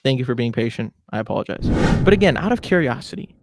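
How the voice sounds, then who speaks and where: A man's voice: medium pitch, animated, fast, a little mellow, no echo. A man in his twenties hosting a podcast, giving a chatty, opinionated rant in a casual style. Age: 20s. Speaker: podcast host.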